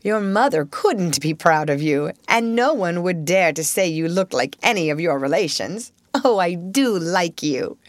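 Woman reads a grateful young girl: bright, coaxing, animated, dry close sound. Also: lowish voice, unhurried, hardly any pauses, no echo.

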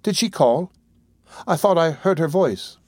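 A man voicing a gentle young lady in an audiobook reading, who speaks in a raised, urgent and tearful way. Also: medium pitch, moderate pace, no echo, natural voice. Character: young gentle-hearted lady, pleading and tender. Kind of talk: audiobook character voice.

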